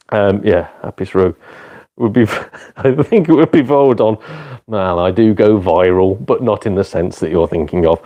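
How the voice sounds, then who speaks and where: A man's voice: mid-range voice, warm tone. A British man hosting a casual gaming live stream, rambling and joking with heavy swearing. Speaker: retro games streamer.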